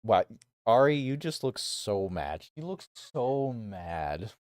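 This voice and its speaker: A man's voice: on the low side, sing-song, slow pace, darkish tone, dry recording, studio quality. A man chatting casually on a game live stream, talking to viewers and his pets. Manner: chatty, talks to viewers and pets, laughs often. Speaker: gaming streamer. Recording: faint guitar music behind.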